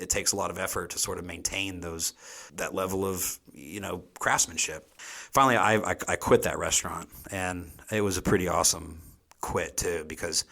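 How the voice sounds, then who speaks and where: Deep-voiced chef rambling casually. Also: male voice, pushed and bright. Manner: rambling, frequent "you know" fillers. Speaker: chef guest. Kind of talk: casual interview talk.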